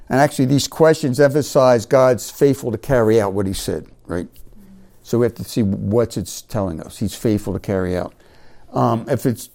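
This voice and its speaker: Man, informal Bible teaching, mellow tone, asks "right?", stresses scripture lines. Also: medium pitch. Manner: conversational, checks in with "right?", reads verses with emphasis.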